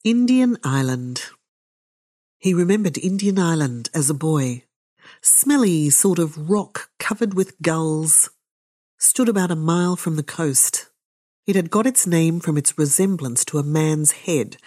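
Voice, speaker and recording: A woman reads a novel aloud for her podcast, then adds her own remarks. Her voice is low and mellow with a dark warmth. She takes her time, every line measured and unhurried. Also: animated. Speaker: podcast host and reader. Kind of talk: reading a novel aloud with commentary.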